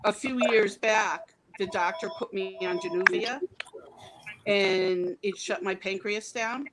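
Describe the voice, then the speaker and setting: A woman chatting casually in a group, her voice at a middle pitch. She pauses often with ums and restarts her sentences. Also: a crowd in the background, poor audio. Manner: hesitant, with many ums and restarts. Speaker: group chat participant.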